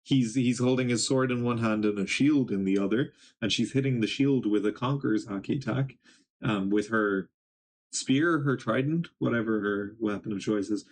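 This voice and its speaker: A man's voice: fairly low pitch, normal speed. A young man casually reading and recapping a comic, rambling with many ums and little laughs. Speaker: manga reaction streamer.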